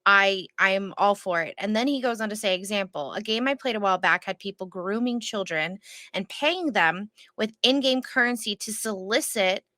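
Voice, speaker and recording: A woman's voice: mid-range voice, normal speed, sharp tone, no room sound. A woman co-hosting a casual podcast, talking emphatically and indignantly. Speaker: podcast co-host.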